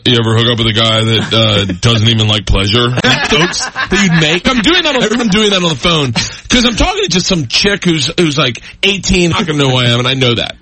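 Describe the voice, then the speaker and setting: Middle-aged male guest, rambling anecdotes, fairly high voice with a crisp, forceful tone. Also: brisk. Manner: animated, rambling, laughing through stories. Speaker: guest storyteller. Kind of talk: casual podcast chat.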